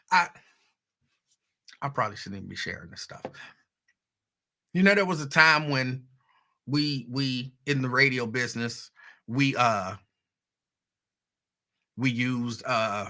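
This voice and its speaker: A man hosting a show, telling stories from his radio career in a casual, conversational way and speaking straight to his listeners. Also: mid-range voice. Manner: conversational storytelling, animated asides to listeners. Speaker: radio host. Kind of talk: casual monologue.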